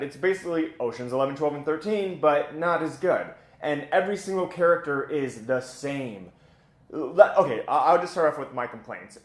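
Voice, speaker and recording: A man's voice: medium pitch, echoey room. A man giving a casual, blunt and opinionated spoken film review as host of his own channel, chatty with plenty of filler words.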